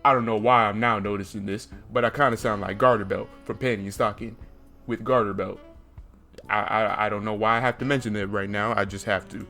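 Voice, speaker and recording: A man playing a dating game on his channel, reading the text aloud with excitable asides. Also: fairly low pitch, brisk, faint music behind. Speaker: gaming YouTuber.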